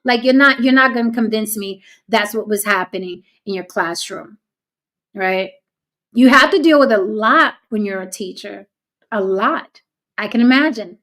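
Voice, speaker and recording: A woman's voice: medium pitch, a bit bright. A woman hosting a casual commentary show, talking straight to her viewers in a blunt, cynical way. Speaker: host.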